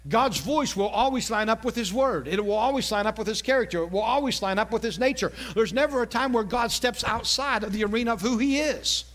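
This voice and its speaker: High-voiced preacher, chatty. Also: male voice, brisk, few pauses, a bit bright. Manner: conversational, jokey, asks the congregation questions. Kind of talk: sermon.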